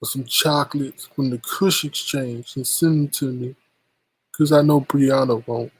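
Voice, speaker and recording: A man's voice: medium pitch, fairly even intonation, unhurried, breathy edge, poor audio. A man vlogging to his viewers in a plaintive, mock-tearful monologue, repeating himself as he complains. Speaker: YouTube vlogger. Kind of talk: emotional livestream monologue.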